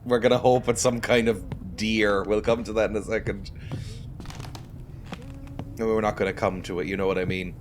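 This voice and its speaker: A man's voice: lowish voice, fairly even intonation, moderate pace, pauses often, a little hiss or hum. A man giving wry, joking commentary as he plays a game, talking to the game and to viewers. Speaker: gaming video host. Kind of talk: casual let's-play commentary.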